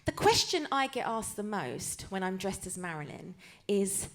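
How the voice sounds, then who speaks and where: A woman's voice: medium pitch, very animated, normal speed, a bit bright, slight background noise. A woman with a Cockney accent doing live stand-up storytelling on a cabaret stage, chatty and self-mocking. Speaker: comedian and tribute performer.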